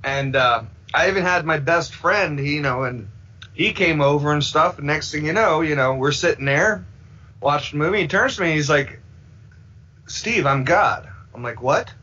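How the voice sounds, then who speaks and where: A man's voice: a little high, normal speed, sharp tone. A man guesting on a podcast, rambling casually and acting out the voices he quotes. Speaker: filmmaker guest. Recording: dull lo-fi sound.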